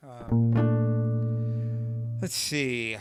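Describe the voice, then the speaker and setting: A man, a guitarist hosting a live stream, chatting casually with viewers, rambling, thinking aloud and making self-deprecating jokes. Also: mid-range voice. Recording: loud guitar playing behind the voice.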